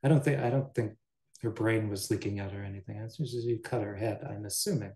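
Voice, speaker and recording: A man giving a Buddhist teaching, reading a story and adding relaxed asides. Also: on the low side, fairly quick. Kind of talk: dharma talk, reading and commenting. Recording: roomy echo.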